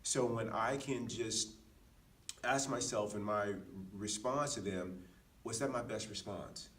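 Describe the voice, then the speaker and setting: A man's voice: lowish voice, slow, fairly bright tone, distant mic. A man co-hosting a podcast, telling personal anecdotes in an earnest, reflective way with frequent restarts. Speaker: podcast co-host. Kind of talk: casual reflective chat.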